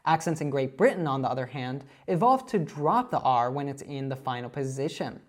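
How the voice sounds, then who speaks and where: Low-voiced woman teaching English. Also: animated, a little fast, heavy background noise. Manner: clear, explanatory, addresses viewers directly. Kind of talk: scripted online lesson.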